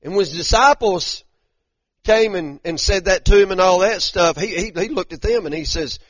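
A man's voice: high voice, normal speed, a bit bright, no echo, lo-fi sound. A man preaching a sermon in a conversational way, often restarting and repeating words as he talks straight to the congregation. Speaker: pastor.

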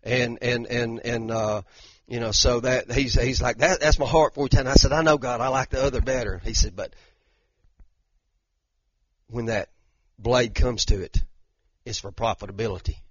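An older man, teaching a conversational sermon as a pastor in a folksy, animated way that rises to emphatic bursts. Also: medium pitch, normal speed, no room sound, dull audio. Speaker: pastor teaching a Bible study.

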